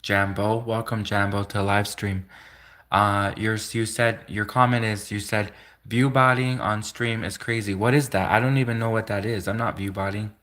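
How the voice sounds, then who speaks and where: A man's voice: lowish voice, fairly even intonation, moderate pace, fairly bright tone. A man talking casually to his live stream chat, rambling and repeating himself, chuckling between remarks.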